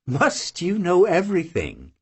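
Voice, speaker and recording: An audiobook reader voicing a proud, serious young Cossack woman who answers quietly and firmly. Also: mid-range voice, wildly swooping pitch, measured pace, husky, heavily acted. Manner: quiet, firm, curt replies. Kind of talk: audiobook character voice.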